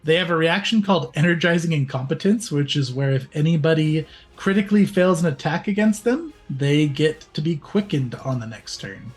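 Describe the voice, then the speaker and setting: A man's voice: a little high, animated, normal speed, few pauses, soft background music. Laid-back male game master. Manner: easygoing, laughs at his own slips. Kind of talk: running a tabletop game.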